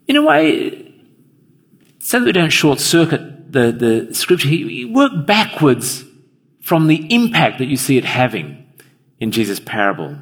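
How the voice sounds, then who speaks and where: A man's voice: mid-range voice, breathy edge. A man preaching an evening sermon in a church, earnestly putting questions straight to his listeners. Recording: long reverb of a large hall.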